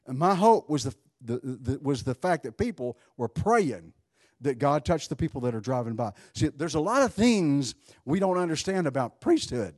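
Animated male preacher, dry close sound. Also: medium pitch, moderate pace, no echo. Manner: animated preaching with sudden swings between loud and hushed; conversational, joking asides to the congregation. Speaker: pastor. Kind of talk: sermon.

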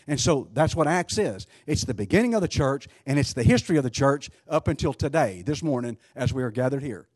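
A man's voice: medium pitch, expressive, a little fast, few pauses, darkish tone, dry recording, studio quality. A man preaching a sermon, emphatic, asking rhetorical questions and often restarting his sentences.

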